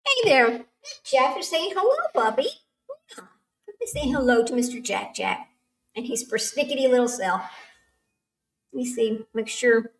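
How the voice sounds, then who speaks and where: A woman's voice: fairly high pitch, lively intonation, moderate pace, long pauses. A woman, hosting a casual livestream chat, rambling and laughing often. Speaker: livestream host. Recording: echoey room, far from the mic.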